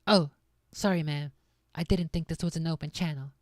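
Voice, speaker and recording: A woman's voice: low-pitched, steady tone, normal speed, dry recording, studio quality, natural voice. A woman reading aloud and voicing an eager young male super-soldier who talks with enthusiasm.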